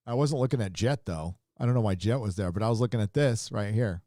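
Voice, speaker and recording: A man hosting a casual livestream, rambling through his points with frequent restarts and quick reactions to what he shows on screen. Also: lowish voice, dark tone, no room sound, clean studio sound. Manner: rambling, restarts often, chuckles and reacts to images. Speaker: show host.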